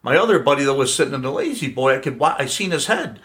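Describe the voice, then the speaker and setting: A middle-aged man, a guest storyteller, casually tells his family a story in a playful, prankster way, laughing often. His mid-range voice swings widely in pitch, he talks fast, and his tone is fairly bright.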